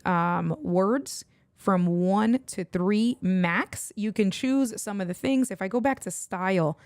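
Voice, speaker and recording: A woman's voice: medium pitch, no echo. A woman with a New York accent hosting a casual livestream, thinking aloud and muttering asides while she edits video. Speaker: livestream host. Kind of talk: casual screen-share tutorial.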